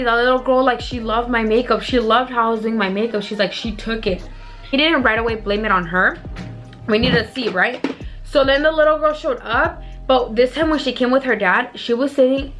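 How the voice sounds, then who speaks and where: A young woman with a slightly high voice tells a storytime tale straight to camera. She is casual and chatty, swears freely and acts out the voices of the people in her story. Soft music plays faintly behind her. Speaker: vlogger.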